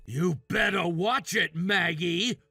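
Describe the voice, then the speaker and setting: An entitled jobless brother-in-law in his thirties, voiced by a man, barking demands in a high, bright, tense voice. He speaks slowly, his pitch swinging wide as he scolds. The sound is dry and close, with faint music behind. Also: big pitch swings, no room sound, full character voice. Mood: angry. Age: 30s. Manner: demanding, yelling insults. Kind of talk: text message story voice.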